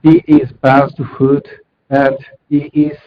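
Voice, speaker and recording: A man with a Japanese accent gives a technical talk. He speaks haltingly and restarts often, pausing on fillers. His mid-pitched voice comes through dull, lo-fi conference audio. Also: level tone, slight background noise. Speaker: conference presenter. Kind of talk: technical presentation.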